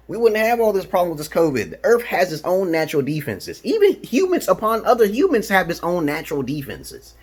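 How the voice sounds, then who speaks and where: A man's voice: a little high, husky. A man from Brooklyn, talking to camera in a rambling, profane, boastful monologue that drops to mutters and jumps to outbursts. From Brooklyn, New York. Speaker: video blogger.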